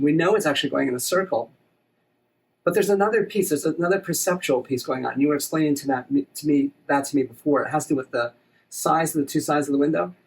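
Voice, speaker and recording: A man's voice: on the high side, vocal fry, husky. An enthusiastic man presenting a science demonstration, explaining optical illusions to a partner. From USA. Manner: enthusiastic, upbeat.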